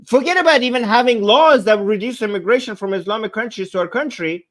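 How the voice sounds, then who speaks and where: A man's voice: sits high, quick pace. A man giving a heated, sarcastic political rant to his viewers, repeating points and raising his voice. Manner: agitated, sarcastic, repeats himself. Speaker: political commentator. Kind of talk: ranting reaction commentary.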